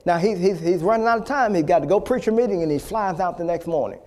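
A man preaching a healing sermon, emphatic and rising to loud, repeated exhortations, with frequent restarts. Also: high voice, fast talker, hardly any pauses. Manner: restarts and stammers between phrases.

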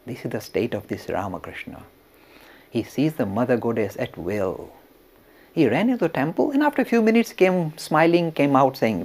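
A man teaching religion through an animated storytelling lecture, now and then chuckling as he talks. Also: mid-range voice, brisk. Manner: animated, chuckles while telling.

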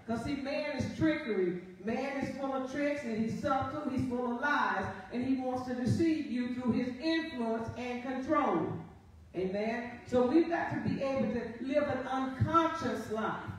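High-voiced woman pastor preaching in echoey church. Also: a little mellow, recorded from a distance. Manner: preaching, reading scripture aloud and often asking "Amen?". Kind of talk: sermon. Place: church sanctuary. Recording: very echoey live church feed from afar.

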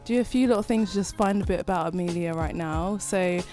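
A woman's voice: on the low side, brisk, dark tone, faint music behind. A woman from London hosting a podcast in casual chat, laughing often and talking in a playful, chatty way. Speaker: podcast host.

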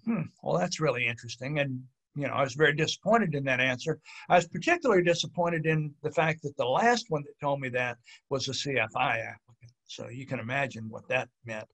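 A man who works as a pilot examiner, giving a webinar presentation in a measured, explanatory way with frequent fillers. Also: mid-range voice, creaky, a bit bright.

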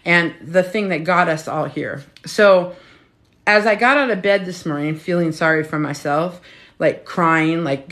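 A woman's voice: fairly low pitch, unhurried, a bit bright. A woman in her fifties, a menopause health coach, chatting casually and frankly on a phone at home, swearing freely. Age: 50s. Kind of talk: casual live-stream chat.

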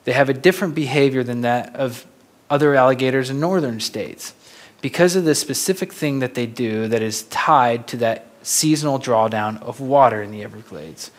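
A young man from Florida giving a talk as a photographer, telling stories in a lively way and laughing often. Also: mid-range voice, moderate pace. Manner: animated, laughing storyteller. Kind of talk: storytelling lecture.

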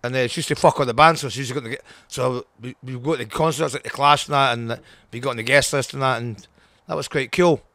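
A man's voice: mid-range voice, steady tone, fast talker, fairly bright tone, no room sound. An older man with a Scottish accent, a punk singer interviewed as a guest, talking bluntly and swearing a lot as he rambles. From Scotland.

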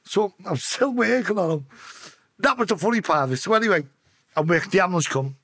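A man's voice: sits high, lively intonation, fast talker, a bit bright, husky. A man telling an emotional story on a podcast, speaking bluntly and swearing freely. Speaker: podcast guest. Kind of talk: emotional storytelling in casual chat.

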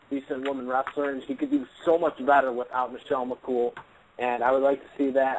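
A man's voice: medium pitch, a little hiss or hum, low-quality recording. A man talking as a panelist on a talk show, blunt and repetitive with many ums. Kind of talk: casual chat.

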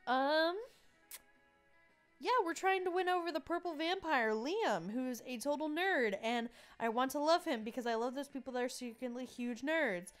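A woman's voice: high-pitched, lively intonation, normal speed, soft background music. A young woman hosting a casual let's play, chatty and giggly. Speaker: gaming channel host.

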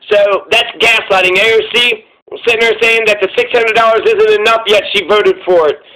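A man with a high-pitched voice rants about politics on his own channel. His tone is bright and sharp, and his delivery is profane, repetitive and heated. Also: fairly even intonation, a little fast, rough recording. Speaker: commentary channel host. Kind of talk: angry political rant.

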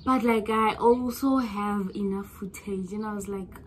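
A young South African woman with a South African accent, chatting casually to her vlog audience in an expressive, gushing way that swings between soft musing and loud excitement. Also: mid-range voice, slight background noise. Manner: drawls words out slowly. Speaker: vlogger.

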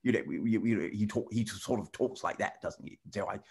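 A middle-aged man with a somewhat low voice chats with children over a video call. He rambles and halts, restarting his sentences again and again and padding them with "you know". The tone stays casual and friendly. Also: brisk, gravelly, husky. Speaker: celebrity guest answering children's questions.

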